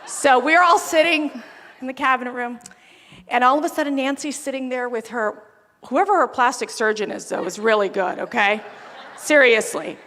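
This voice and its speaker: Before a crowd at an event venue, a high-voiced woman speaking at a moderate pace delivers a storytelling speech at a political event. Her anecdotes are lively and emphatic, rising into rousing calls, recorded in a reverberant hall.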